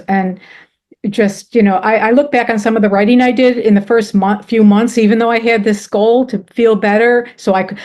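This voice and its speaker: A woman's voice: mid-range voice, darkish tone. A woman telling a personal story with earnest emotion, often restarting her sentences. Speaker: presenter.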